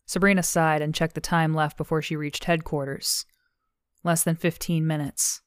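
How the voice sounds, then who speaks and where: A woman narrating an audiobook in measured, even storytelling, recorded on a close studio mic. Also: low-pitched, clear, resonant tone, dry recording.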